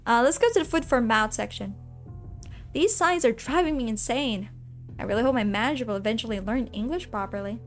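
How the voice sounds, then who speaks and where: A woman streaming a game, reading its text aloud in a playful, animated way and chatting with her viewers between the lines. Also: fairly high pitch, fairly quick, soft background music. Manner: animated, playful, reads narration with asides to chat.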